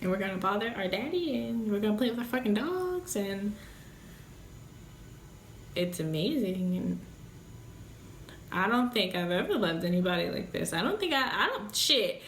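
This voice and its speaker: A young woman vlogs in a frank, emotional way, swearing freely as she talks. Her voice sits at an everyday pitch for a woman. The sound carries a noticeable room echo. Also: very animated, normal speed, pauses often, fairly bright tone, slight background noise. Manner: blunt, profane, emotional. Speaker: vlogger, new mother. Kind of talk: candid casual vlog talk. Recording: echoey room.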